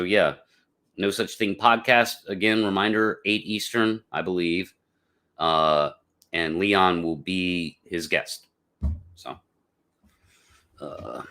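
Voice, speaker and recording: A man's voice: low-pitched, sharp tone. A man hosting a casual live podcast, chatting with viewers in a rambling, laid-back way with lots of fillers. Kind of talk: casual livestream chat.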